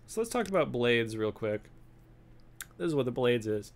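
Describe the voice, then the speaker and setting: A man's voice: mid-range voice, very animated, moderate pace, pauses often. A young man streaming a game, rambling and joking as he thinks aloud while playing. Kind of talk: casual gameplay commentary.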